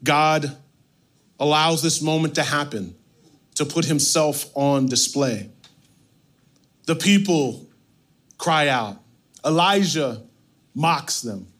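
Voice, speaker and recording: A male pastor preaching a sermon, reading scripture and retelling it with animated, playful asides. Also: fairly high pitch, takes it slowly, pauses often.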